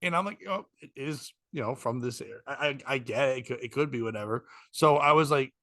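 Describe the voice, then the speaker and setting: A man's voice: mid-range voice, fast, sharp tone, dry recording, studio quality. A man, a stand-up comic hosting a podcast, rambling through a story with profanity and acted-out quotes. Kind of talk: casual storytelling chat.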